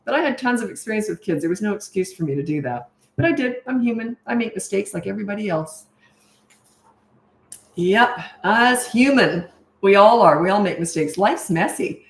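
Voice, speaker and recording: A middle-aged woman parenting coach telling a story in a casual Q&A, animated and self-mocking, acting out what people said. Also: mid-range voice, echoey room.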